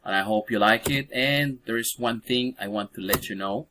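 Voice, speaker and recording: A man's voice: mid-range voice, moderate pace, noisy background. A man teaching an online English lesson. He repeats words often, with many fillers and restarts. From Venezuela. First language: Spanish.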